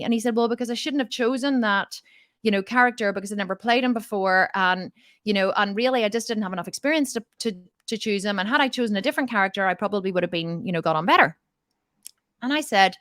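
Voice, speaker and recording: A woman's voice: medium pitch, quick pace, a bit bright, no echo, studio quality. A woman, a fitness and mindset coach telling a personal story in a motivational talk, animatedly acting out both sides of a conversation.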